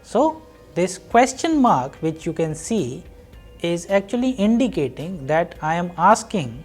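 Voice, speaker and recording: A woman teaching a recorded university lesson, explaining slowly and patiently and repeating each example. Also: fairly low pitch, sing-song, a little mellow, husky, soft background music. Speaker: language teacher.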